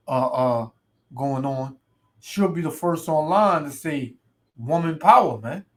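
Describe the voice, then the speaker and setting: A ranting male street preacher with a slightly raised pitch. He stretches out scripture verses slowly and loudly, then fires off asides that keep ending in "man" and "right". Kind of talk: ranting sermon video.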